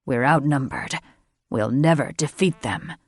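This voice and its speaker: A woman voicing a cautious young male dragon shifter who pleads in a low, tense voice. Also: unhurried, no echo. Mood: anxious.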